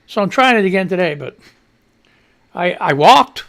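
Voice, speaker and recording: Gravelly, chatty radio host, short of breath. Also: male voice, high voice, animated. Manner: loud rapid-fire greetings, chatty, swears freely. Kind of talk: casual rambling chat.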